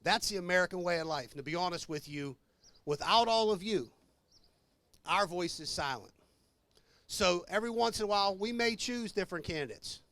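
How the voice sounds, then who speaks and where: A man's voice: high voice, animated, moderate pace, pushed and bright. A man speaking for labor at an outdoor rally, ad-libbing an earnest speech to the crowd. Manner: earnest, addresses crowd as brothers and sisters. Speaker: labor leader.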